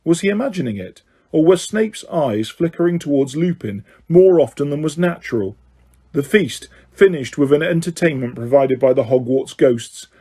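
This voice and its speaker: A man's voice: on the high side, moderate pace, breathy edge. A man narrating a novel as an audiobook, reading steadily with the odd stumble. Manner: steady reading, occasional slips. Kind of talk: scripted narration.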